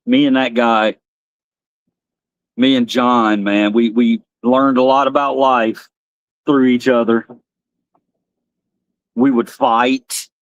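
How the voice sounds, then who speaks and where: A man's voice: mid-range voice, little pitch movement, takes it slowly, long pauses, no room sound, highs cut off. Middle-aged male streamer, rambling storyteller, mid-range voice, dry close mic. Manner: rambling storyteller, laughs at himself. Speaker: livestream host. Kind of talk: casual live-stream chat.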